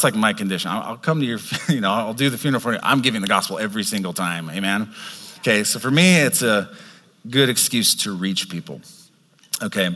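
A man's voice: fairly low pitch, bright, forceful tone. A man preaching a sermon as pastor, talking in a conversational way and restarting his sentences.

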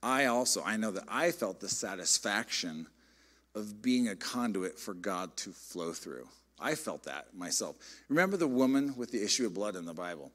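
A middle-aged man, a pastor, preaching a sermon in a conversational, animated storytelling way. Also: on the low side, moderate pace. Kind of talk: sermon with personal stories.

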